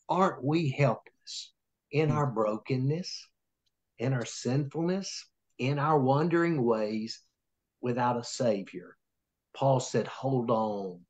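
A man teaching scripture like a sermon, folksy and earnest. He keeps tossing "right?" to his listeners as he builds toward a point. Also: mid-range voice. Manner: folksy, preacherly, often asks "right?". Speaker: pastor leading Bible study. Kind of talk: informal sermon-style Bible teaching.

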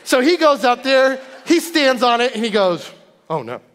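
High-voiced preacher in an echoing hall. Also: male voice, normal speed. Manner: animated storyteller, acts out family voices. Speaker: guest preacher. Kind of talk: sermon with personal stories. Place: church sanctuary. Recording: long church hall reverb.

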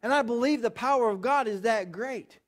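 Pastor, high voice, lively story-driven sermon. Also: male voice, moderate pace. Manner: animated storytelling with acted voices. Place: church.

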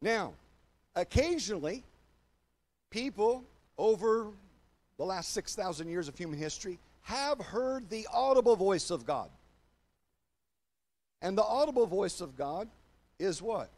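Older male pastor, high-pitched, emphatic sermon delivery that drops low and slow for key points. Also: lively intonation. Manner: emphatic preaching, swinging from loud declarations to low, slow confiding; addresses congregation and online viewers directly.

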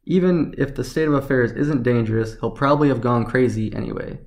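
A man reading the lines of a calm, dry-witted male scientist in a story, speaking with measured calm. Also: mid-range voice, lightly acted.

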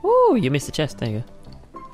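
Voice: medium pitch, wildly swooping pitch, a little mellow, faint music behind. A gaming channel host, giving playful, jokey commentary while playing with a friend. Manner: playful, jokey, quick exclamations. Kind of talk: excited casual game commentary.

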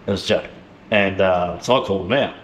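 A man with an Australian accent hosting a podcast in fast, matey casual chat, swearing often. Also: deep voice, fairly bright tone, a little hiss or hum. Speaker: podcast host. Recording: echoey room, faint ambience.

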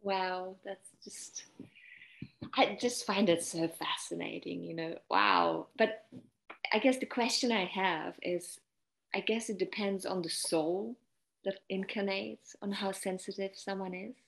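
A woman's voice: medium pitch, measured pace, gravelly. A woman hosting an interview, responding in a thoughtful, musing way. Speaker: interview host. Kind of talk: casual interview.

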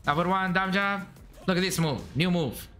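A man from Arabia, giving excitable, chatty live commentary on his own gameplay as a streamer. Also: high voice, moderate pace, soft background music. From Saudi Arabia. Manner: excitable, chatty, bursts into shouts and laughs at the game.

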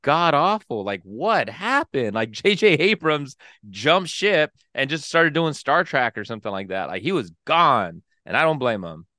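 Bright, dry-sounding male podcaster. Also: medium pitch, sing-song, unhurried, few pauses, no echo. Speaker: podcast co-host. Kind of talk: casual chat.

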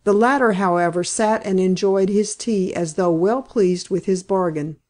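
A woman reading a novel aloud in steady, even scripted narration. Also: medium pitch, normal speed. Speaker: audiobook narrator.

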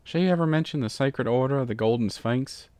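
A man voicing a terse, low-voiced stallion pony private detective with an Australian accent. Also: a little fast, darkish tone, no echo, lightly acted.

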